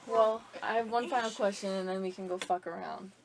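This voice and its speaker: A woman's voice: mid-range voice, fairly even intonation, brisk, a little hiss or hum. A young woman hosting a casual podcast with friends, talking in a chatty way that leans on "like". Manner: chatty, leans on "like", laughs often. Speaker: podcast host. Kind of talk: casual chat among friends.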